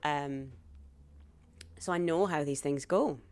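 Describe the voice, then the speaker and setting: A woman's voice: low voice, slow, dry recording. A woman, a guest telling her own stories in an interview and acting out the voices of people she quotes. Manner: animated storyteller acting out quoted dialogue. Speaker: guest, actress and stand-up comic. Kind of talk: podcast interview storytelling.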